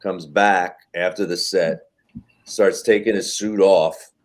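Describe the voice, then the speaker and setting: A man, a comedian, casually telling a backstage story on a podcast, animated and profane, acting out quotes. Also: sits low, slow pace. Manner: animated anecdote telling with swearing and acted quotes. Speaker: comedian guest.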